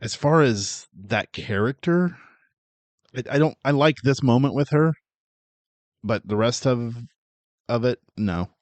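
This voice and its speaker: A man's voice: mid-range voice, animated, a little slow, long pauses, a little mellow, no echo. A man co-hosting a podcast, chatting casually about a movie in an easygoing way and mostly giving short, agreeing replies. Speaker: podcast co-host. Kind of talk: casual movie review chat.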